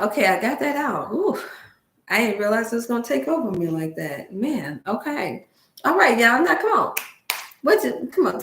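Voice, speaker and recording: A woman hosting a wellness livestream in casual Black dialect, talking to her viewers like family with emotional, preachy warmth. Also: mid-range voice. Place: home room. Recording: roomy echo.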